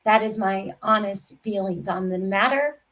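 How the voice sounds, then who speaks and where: A woman's voice: medium pitch, moderate pace, fairly bright tone, poor audio. A woman hosting a casual true crime livestream, talking in a rambling, confiding way that trails off mid-sentence.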